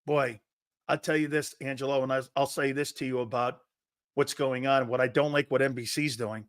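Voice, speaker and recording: A man's voice: mid-range voice, steady tone, moderate pace, no room sound, clean studio sound. A man hosting a sports talk show, giving blunt, emphatic opinions and often tossing in "man.".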